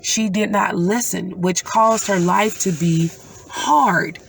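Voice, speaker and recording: Middle-aged mom telling a story real slow, earnest and emotional, mid-pitched voice. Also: female voice, creaky, a little hiss or hum. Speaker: mother recounting a dream. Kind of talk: personal storytelling.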